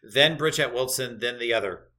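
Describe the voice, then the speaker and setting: A man's voice: medium pitch, normal speed, sharp tone. A man co-hosting a podcast in casual chat, hesitant and full of restarts. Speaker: podcast co-host.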